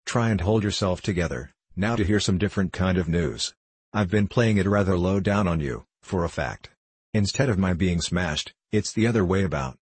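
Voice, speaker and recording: A man's voice: low-pitched, moderate pace, husky, no room sound. A man reading as a sly, dogged brother. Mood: teasing. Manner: dogged, teasing. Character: sly, genial man back from the tropics.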